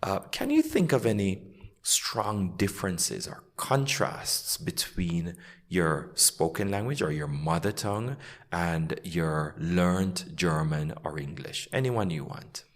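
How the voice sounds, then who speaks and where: Very low-voiced man hosting an interview. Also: big pitch swings, takes it slowly. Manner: explains with spoken example sentences. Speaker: English coach and podcast host. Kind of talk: casual interview.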